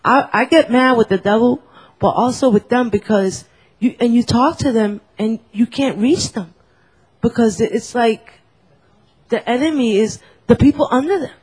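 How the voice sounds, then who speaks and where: Breathy woman, halting, Spanish native. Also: on the high side, a little mellow, rough recording. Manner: halting, frequent restarts. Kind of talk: casual talk.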